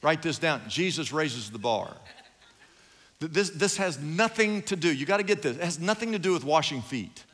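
A man's voice: fairly high pitch, expressive, normal speed, fairly bright tone. A man pastor preaching an emphatic sermon from the stage of a large church hall. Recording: long hall reverb.

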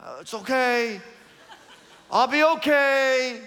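A man's voice: very high voice, slow, bright, forceful tone, long reverb tail, pitched above the performer's own voice, heavily acted. A man voicing a carefree male sinner who shrugs off hell in a breezy, mock-nonchalant way. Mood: flippant.

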